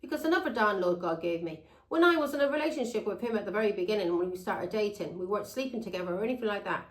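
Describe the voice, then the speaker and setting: A blunt woman rambles through a personal story to her viewers, swearing without a second thought. Her voice sits at an ordinary middle pitch. The room around her rings with a noticeable echo. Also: animated, rapid-fire. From England. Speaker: tarot reader.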